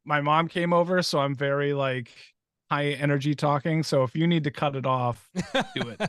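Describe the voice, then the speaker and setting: A young man co-hosting a podcast, tossing out wry asides and teasing jokes. His voice sits a touch high, and the sound is close and dry. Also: fairly even intonation, moderate pace, a bit bright, smooth, no echo. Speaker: podcast co-host. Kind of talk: casual chat.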